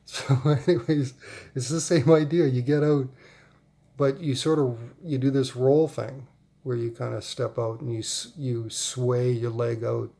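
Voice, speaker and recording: A man in his forties tells a long, rambling family anecdote with easy amusement. His voice is gravelly and dark, and he breaks into laughter often as he talks. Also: medium pitch. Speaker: vlogger. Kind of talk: casual storytelling.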